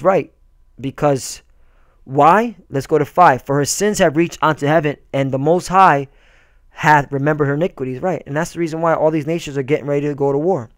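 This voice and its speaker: A man's voice: on the high side, fairly quick, dry recording, studio quality. A man preaching a fiery, profane sermon and reading scripture aloud. He stumbles and repeats himself often and keeps asking "all right?".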